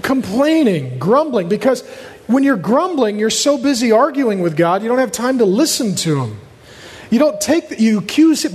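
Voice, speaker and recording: Male pastor preaching, high-pitched, lively, acts out voices, long echoing hall reverb. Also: normal speed. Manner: animated, acts out quoted voices, jokes with the congregation. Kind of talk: sermon.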